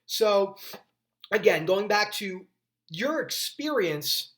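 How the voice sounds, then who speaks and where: A man's voice: high-pitched, lively intonation, slow pace, fairly bright tone. A young man hosting a mental health video, talking earnestly in a casual, rambling way, often restarting his sentences and going off on tangents. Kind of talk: casual talking-head explainer.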